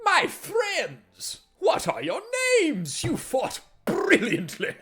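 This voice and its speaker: A man's voice: very high-pitched, huge pitch swings, slow, a bit bright, soft background music, voice pushed up, full character voice. A man voicing a grand, courteous armored human warrior in a tabletop game, with a formal and effusive manner. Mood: grandly courteous. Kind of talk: tabletop role-play voicing.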